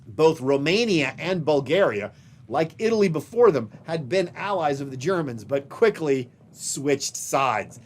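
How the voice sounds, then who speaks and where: Man giving a slow, emphatic history lecture. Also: a little high, very animated. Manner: explains slides, pointing to images above him. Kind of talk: recorded video lecture.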